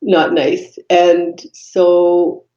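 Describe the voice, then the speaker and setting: A woman, a podcast guest telling her life story in an earnest, reflective way, pausing often with fillers. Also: fairly low pitch, flat delivery, warm tone. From Canada. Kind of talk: personal storytelling in conversation. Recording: dull echoey room recording.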